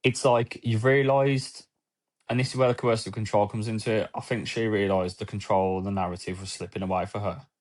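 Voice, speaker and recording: A man, a former police officer, gives a candid, emotional personal account in a podcast interview, with halting restarts, quoted dialogue and casual swearing. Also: lowish voice, little pitch movement.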